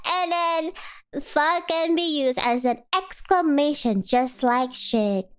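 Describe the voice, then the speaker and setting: Woman streamer, high voice, slow unhurried talk, playful and giggly, sore throat. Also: animated. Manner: playful, giggly, asks lots of questions. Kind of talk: casual chat with chat. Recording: faint music behind.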